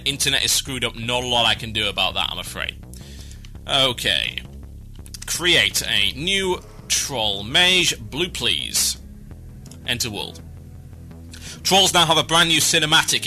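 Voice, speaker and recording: A man hosting a podcast, chatting briskly and wryly while he plays a game. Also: medium pitch, bright, forceful tone. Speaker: podcast host. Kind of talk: casual gaming podcast chat while playing.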